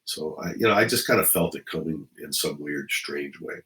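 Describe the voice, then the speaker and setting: A man's voice: a bass voice, animated, normal speed, a bit bright, low-quality recording. A middle-aged man, a retired police officer, telling stories in a blunt, profane, rambling monologue.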